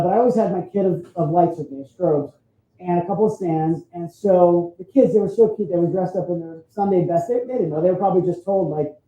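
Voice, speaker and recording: A man's voice: sits high, warm tone. A man photographer giving a chatty storytelling talk at an expo, often adding "right?" to his points. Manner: chatty, frequent "right?" tag questions. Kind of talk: storytelling presentation. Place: expo hall stage. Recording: roomy, dull sound.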